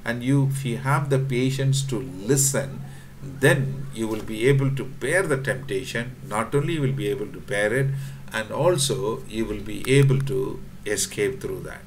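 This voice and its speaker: Man preaching a halting sermon. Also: on the low side, a little hiss or hum. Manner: halting, repeats words, frequent fillers, quotes scripture; addresses congregation directly.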